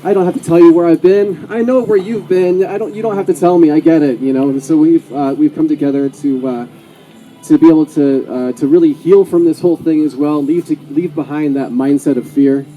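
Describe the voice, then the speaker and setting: Mellow-voiced man addressing a small crowd. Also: on the high side, fairly quick, soft background music, poor audio. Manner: hesitant, many fillers and restarts. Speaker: organizer introducing a speaker. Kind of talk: casual outdoor address. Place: outdoors at a gathering.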